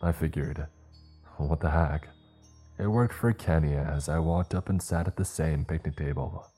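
A man narrating a first-person scary story in a measured way, voicing the dialogue himself. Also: rumbling low, mellow, husky, faint music behind. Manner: measured, acts out dialogue in his own voice.

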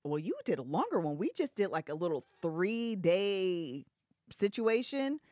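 A woman's voice: lowish voice, very animated, a little slow, a little mellow, no echo, clean studio sound. A woman co-hosting a podcast in casual chat, reacting with short quips and laughter. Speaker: podcast co-host.

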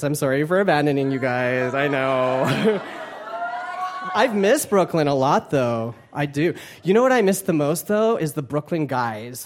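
A young man doing a stand-up comedy set, animated and campy, with playful asides to the crowd. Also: a little high, slight background noise. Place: live comedy club stage. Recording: live club recording with crowd. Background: audience laughter.

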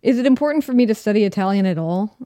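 Mellow-voiced woman hosting a podcast. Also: mid-range voice, animated, very fast, dry recording, studio quality. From United States. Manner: curious, self-deprecating. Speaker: podcast host. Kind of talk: podcast interview questions.

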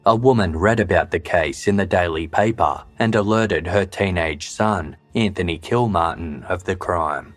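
Low-voiced male narrator for a true-crime podcast, measured and sober, faint music underneath. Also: dry recording. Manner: measured, even, sober delivery.

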